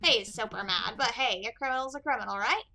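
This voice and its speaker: A woman's voice: a little high, brisk, gravelly, sharp tone. A woman playing a brash, mocking jail guard. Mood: smug.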